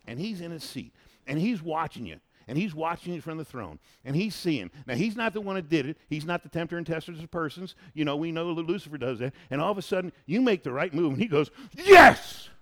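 A married man hosting a casual faith-based chat, who talks in an animated, preachy way and repeats phrases for emphasis. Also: on the high side, quick pace. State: married, has a son.

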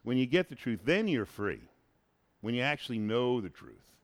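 Speaking at normal speed in a mid-range voice, a married man who has a son hosts a relaxed faith-focused chat. He preaches with animation and keeps repeating phrases for emphasis.

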